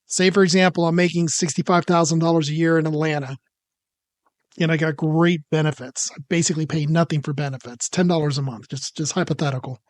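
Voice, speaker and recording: A man's voice: a little high, steady tone, brisk, no room sound, studio quality. A man working as a career coach, commenting on a clip and walking through hypothetical salary numbers.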